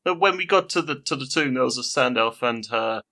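A man's voice: medium pitch, animated, a little fast, bright, forceful tone. A man playing a tabletop game, talking in and out of character in a stammering, giggly way. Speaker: player. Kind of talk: tabletop role-play, in and out of character.

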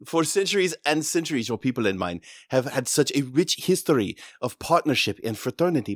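A man voicing a gracious young queen who speaks formally and warmly in a tabletop game. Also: mid-range voice, no echo, studio quality, natural voice. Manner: formal, courtly.

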